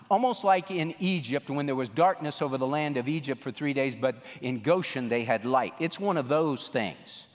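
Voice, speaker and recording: A man preaching a sermon as a pastor, animated and emphatic, repeating phrases and swinging his voice up and down. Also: mid-range voice. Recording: long reverb of a large hall.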